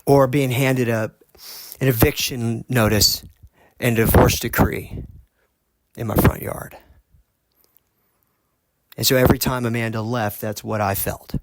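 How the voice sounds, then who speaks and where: A man hosting a podcast, earnestly telling a personal story in a halting way, often restarting his sentences. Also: medium pitch, level tone, heavy background noise. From United States. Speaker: podcast host.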